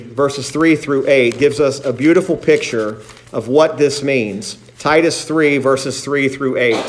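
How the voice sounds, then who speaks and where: A pastor preaching a sermon to his congregation, reading scripture aloud and repeating phrases for emphasis. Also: medium pitch.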